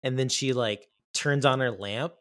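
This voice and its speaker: Bright-voiced man chatting about films. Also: mid-range voice, a little slow, dry recording, clean studio sound. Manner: rambling, enthusiastic, many fillers and restarts. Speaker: podcast co-host. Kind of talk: casual film chat.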